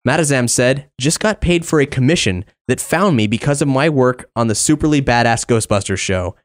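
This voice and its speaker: A man's voice: mid-range voice, lively intonation, moderate pace. A man hosting a podcast, casually and upbeatly reading out supporter news, names and messages. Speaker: podcast host.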